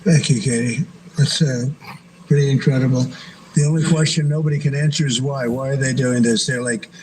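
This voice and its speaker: Roundtable chair, man with mid-range voice, halting off-the-cuff remarks. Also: mid-range voice, fairly even intonation, a little mellow, slight background noise, rough recording. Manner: halting, with fillers and repeated phrases. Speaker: host of a roundtable.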